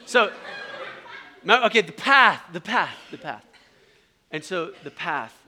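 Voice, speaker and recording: A middle-aged man speaking at a retreat, telling an animated story in a sermon and acting out the voices of the people in it. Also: sits high, takes it slowly, a little hiss or hum.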